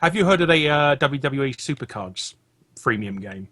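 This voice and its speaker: Bright jokey British man. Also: mid-range voice, animated, normal speed, no echo. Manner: jokey, laughs between lines, stammers. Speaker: guest. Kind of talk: casual gaming podcast chat.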